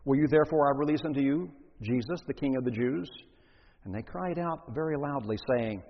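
A man preaching a sermon, reading scripture and then expounding it with deliberate emphasis. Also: mid-range voice. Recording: dull lo-fi recording in a reverberant hall.

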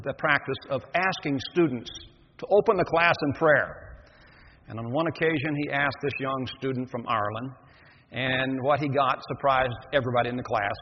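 Older male pastor, earnest sermon, reverberant church hall, muffled lo-fi sound, faint hiss. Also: medium pitch. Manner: measured, earnest, reads scripture then explains. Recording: echoey dull lo-fi hall recording.

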